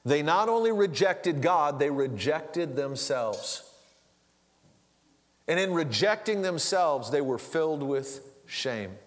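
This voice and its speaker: A man's voice: on the high side, lively intonation, slow. Conversational man preaching in a hall. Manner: conversational, with restarts and asides. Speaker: pastor. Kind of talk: sermon. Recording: long hall reverb.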